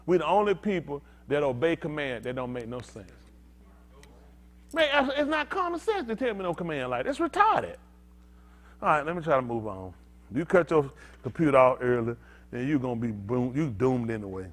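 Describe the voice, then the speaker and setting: Pastor guy preaching loose and animated, high voice all over the place, aave. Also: normal speed. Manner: animated, conversational, swings from loud to quiet. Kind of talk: informal preaching to a congregation.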